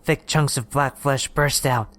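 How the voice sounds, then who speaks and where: A man reading a horror story aloud in steady, measured scripted narration. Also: medium pitch, no room sound.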